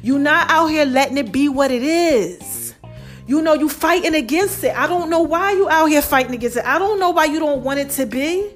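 A woman hosting a podcast, giving a lively, preachy motivational talk, calling her listeners baby and y'all. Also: sits high, normal speed, soft background music. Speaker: podcast host.

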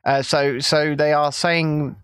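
Man, high voice, co-host, blunt casual news chat, dry close sound. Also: flat delivery, slow, a bit bright, clear, resonant tone, no room sound. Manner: chatty, blunt, reads out reports. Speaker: co-host of a news talk stream.

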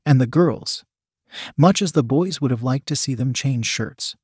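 A man narrating a first-person story with a steady, even reading manner. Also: medium pitch, a little slow, slightly rough, no room sound, clean studio sound.

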